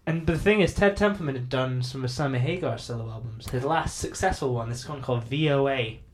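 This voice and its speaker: A man's voice: mid-range voice, a little fast. Man telling a rambling story. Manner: rambling anecdotal storytelling, sweary. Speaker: podcast co-host. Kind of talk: casual chat, storytelling.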